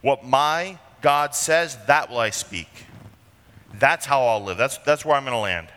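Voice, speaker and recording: A man preaching a sermon with earnest emphasis, slowing down on key phrases. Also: mid-range voice, a bit bright, clear, resonant tone. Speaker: pastor. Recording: long reverb of a large hall.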